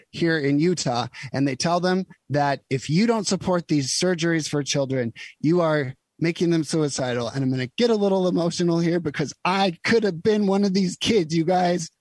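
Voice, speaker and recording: A man's voice: a little high, darkish tone, no room sound. A man hosting a podcast, delivering an impassioned, emphatic and emotional political monologue. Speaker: podcast host. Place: Utah.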